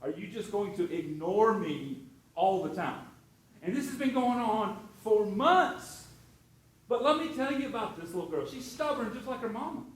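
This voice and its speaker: High-voiced pastor in an echoey hall. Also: male voice, big pitch swings, normal speed. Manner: storytelling, conversational with many restarts. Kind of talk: sermon.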